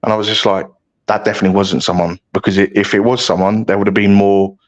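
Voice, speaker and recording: A man's voice: lowish voice, level tone, quick pace, rough recording. Chatty British man telling stories. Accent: British English. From United Kingdom. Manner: rambling, self-mocking, restarts often. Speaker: guest paranormal investigator. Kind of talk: casual storytelling chat.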